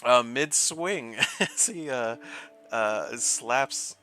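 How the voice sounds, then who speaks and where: A man's voice: medium pitch, animated, extremely slow, pushed and bright. A man narrating a tabletop game as game master, loose and rambling.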